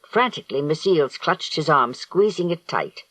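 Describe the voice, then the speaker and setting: A man narrating an audiobook in a slow, deliberate storytelling manner. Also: fairly high pitch, lively intonation, fairly bright tone, no room sound, poor audio. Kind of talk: scripted narration.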